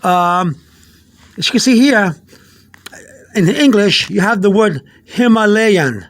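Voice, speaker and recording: A man giving a casual video lesson, rambling with many fillers and repeated words, slowly sounding out foreign words. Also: high voice, animated, fairly bright tone. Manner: spells out Spanish words slowly. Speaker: Spanish teacher.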